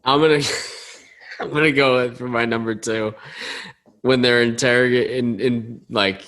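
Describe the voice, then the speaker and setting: A young man co-hosting a podcast in casual chat, relaxed and laughing mid-sentence as he recounts scenes. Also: medium pitch, a little slow. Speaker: podcast co-host.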